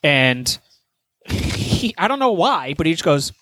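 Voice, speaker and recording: A man's voice: on the high side, slow, dry recording. A man chatting casually on a podcast, rambling and swearing freely as he tells a story. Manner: rambling, profane, animated storytelling. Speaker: podcast host. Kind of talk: casual chat.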